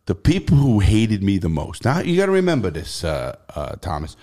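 On a podcast, a middle-aged man with a New York accent tells his stories bluntly and curses without restraint. His pitch is fairly low and his speed normal, and the casual interview storytelling feels animated and profane.

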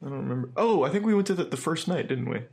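A man's voice: on the high side, lively intonation, racing, creaky, darkish tone. Man co-host with blunt, dismissive takes in casual podcast talk. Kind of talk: casual chat.

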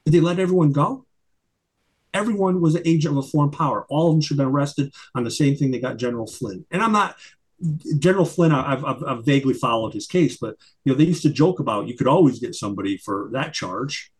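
A man's voice: medium pitch, expressive, fast, husky. A middle-aged man, a guest in an interview, talking emphatically with many stumbling restarts. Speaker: guest, retired investigator and attorney. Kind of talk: conversational interview.

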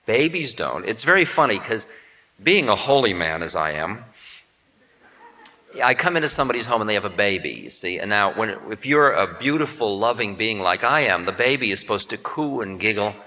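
A man's voice: lowish voice, animated, moderate pace, sharp tone, highs cut off. Playful male spiritual teacher in an echoing hall. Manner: playful, self-mocking humor; acts out quoted voices. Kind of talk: spiritual lecture.

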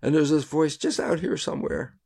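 An older man, a guest in an interview, telling lively anecdotes and acting out the voices in them. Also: a little high, brisk, creaky, breathy edge. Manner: animated storyteller who acts out voices and laughs at his own anecdotes. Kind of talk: casual interview storytelling.

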